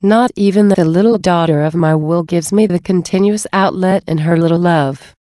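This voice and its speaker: A woman with a fairly low, mellow voice reads a devotional text aloud. Her delivery is slow, earnest and measured. The recording is dry and close, with no room sound. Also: dry recording. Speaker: devotional reader.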